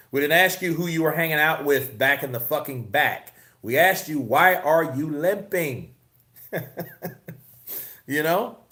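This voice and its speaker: A man's voice: on the high side, slow, pauses often, bright, forceful tone. A man hosting a casual live-stream about boxing news, swearing, laughing and reading the chat. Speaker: host.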